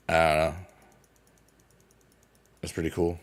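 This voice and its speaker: A man's voice: lowish voice, sing-song, moderate pace, pauses often, fairly bright tone. A young man chatting casually on a live stream while gaming, rambling and playful with silly sing-song noises.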